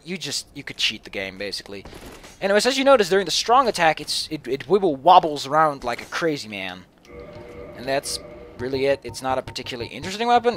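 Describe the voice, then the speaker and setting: A man's voice: high voice, fairly bright tone. A man giving casual, profane, rambling commentary over a video game. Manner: rambling, profane, self-mocking. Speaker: gaming commentator.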